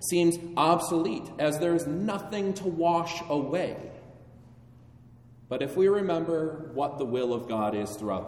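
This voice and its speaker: Guy preaching slow and solemn, church hall echo, sounds kinda far from the mic. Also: a little high, darkish tone, a little hiss or hum. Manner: measured, solemn delivery with rising emphasis. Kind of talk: sermon. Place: church sanctuary. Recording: echoey hall, voice from afar.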